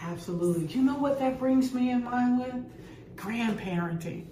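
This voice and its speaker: A woman's voice: fairly high pitch, lively intonation, normal speed, mellow. An older woman and grandmother, co-hosting a casual chat and giving upbeat parenting tips. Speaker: co-host. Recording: echoey room with faint noise.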